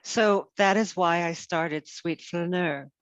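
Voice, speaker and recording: A woman's voice: lowish voice, takes it slowly, no echo, muffled recording. A woman host in a casual chat, rambling with lots of "you know" and restarts. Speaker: podcast host.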